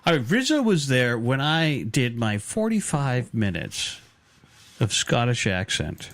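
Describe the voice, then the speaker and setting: Boston guy hosting, teasing everyone, lively pitch, dry close sound. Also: unhurried, no room sound. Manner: teasing, wisecracking. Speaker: podcast host. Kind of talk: bawdy casual bar banter.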